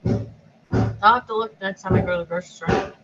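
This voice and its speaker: A woman's voice: mid-range voice, fairly even intonation, moderate pace, muffled recording, music in the background. A woman in a casual chat with friends, blunt and casually swearing.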